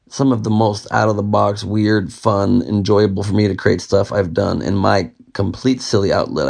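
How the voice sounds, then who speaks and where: A man's voice: on the low side, vocal fry, darkish tone, breathy edge. A young man hosting a casual podcast, rambling and joking, sometimes breaking into song. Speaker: podcast host.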